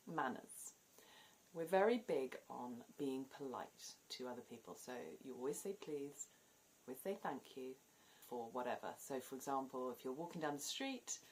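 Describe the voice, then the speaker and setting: A woman with a southern English accent, chatting casually to camera as a vlogger and laughing often between points. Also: sits low. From southern England. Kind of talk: casual explanatory vlog.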